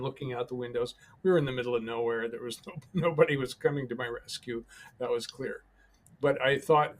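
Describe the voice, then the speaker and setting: Calm halting man telling a story. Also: mid-range voice. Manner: calm, halting, with many pauses and restarts. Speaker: podcast guest. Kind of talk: personal storytelling in an interview.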